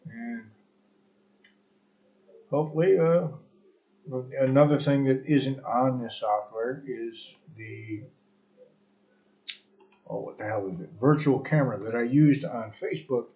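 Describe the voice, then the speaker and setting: A man's voice: mid-range voice, unhurried, long pauses, darkish tone, highs cut off. A man hosting his own live stream podcast alone, talking in a crude, profane, rambling and sarcastic way. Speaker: podcast host. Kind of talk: solo live stream chat.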